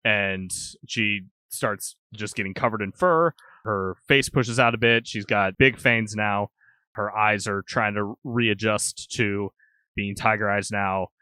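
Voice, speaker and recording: A man playing a tabletop game, describing his character's actions in halting, restarting sentences. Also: lowish voice, steady tone, pushed and bright, clear, resonant tone, no echo. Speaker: player.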